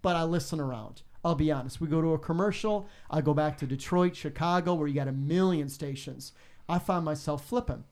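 Animated radio DJ man, fairly high. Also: fairly quick. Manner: animated, acts out callers with big pitch jumps. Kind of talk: casual interview, storytelling.

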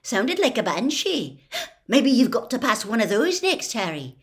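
A woman reading aloud and voicing a curious, excited teenage boy. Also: on the high side, a little slow, voice pushed up. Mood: wondering.

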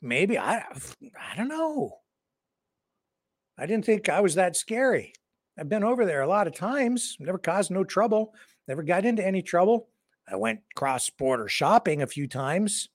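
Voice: mid-range voice, big pitch swings, unhurried, no echo, clean studio sound. A co-host of a livestream news show, rambling through joking satirical commentary with mock outrage and lots of fillers. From Canada.

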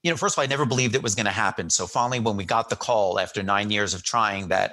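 A middle-aged man telling a story in a casual chat, animated, acting out quotes and often restarting his sentences. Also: fairly low pitch, fast talker, few pauses. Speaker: guest.

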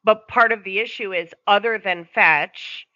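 A woman's voice: medium pitch, a little slow, bright, forceful tone, no room sound. A woman dog owner calling in and explaining her dog's problems at length in casual chat. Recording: dry, dull lo-fi sound.

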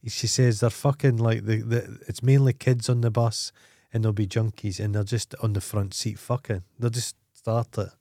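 A man's voice: fairly low pitch, little pitch movement, moderate pace, few pauses, mellow, dry recording, clean studio sound. A Scottish man co-hosting a podcast, telling crude, blunt stories in casual chat. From Scotland. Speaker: podcast co-host.

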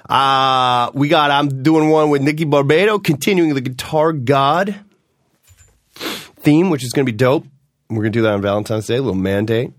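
Animated, low-voiced swearing podcast host. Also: male voice, no echo, clean studio sound. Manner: animated, swearing, jumps between topics. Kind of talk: casual rambling monologue.

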